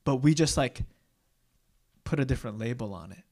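A man's voice: mid-range voice, animated, moderate pace, creaky, a little mellow. A young man preaching a casual, conversational sermon, candid and self-deprecating, often tagging "right?" onto his points. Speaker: pastor.

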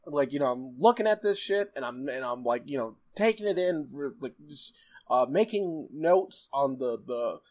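A man's voice: mid-range voice, animated, moderate pace, darkish tone. A man co-hosting a casual podcast, swearing freely, laughing often and acting out characters' lines as he recaps a show.

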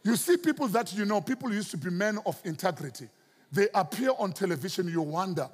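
A South African man preaching a sermon as pastor, swinging his pitch and stretching out key words for emphasis. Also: expressive, brisk, in a large hall.

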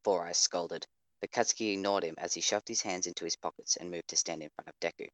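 A man narrates an audio drama in a measured, steady way, his voice sitting very low. The recording is dry, with no room sound around him. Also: no room sound. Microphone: home microphone over voice chat.

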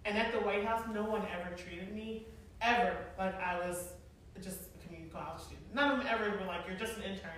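A woman's voice: medium pitch, fast, a little hiss or hum. Chatty forties woman telling stories to a crowd, very echoey room, mic far off. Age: 40s. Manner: animated, chatty, laughing often. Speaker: event planner and speaker. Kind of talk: storytelling talk to a live audience. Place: large room with an audience.

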